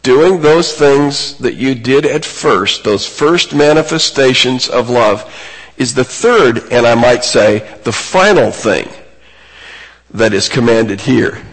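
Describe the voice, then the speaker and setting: Male preacher, slow and husky, earnest sermon delivery, long hall reverb. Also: animated. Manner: earnest, emphatic, rises in pitch on key points.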